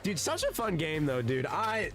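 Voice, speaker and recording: A man's voice: on the high side, wildly swooping pitch, moderate pace. A man streaming a game and chatting casually, rambling and laid-back, often saying "dude" and swearing. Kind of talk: casual gaming stream chat.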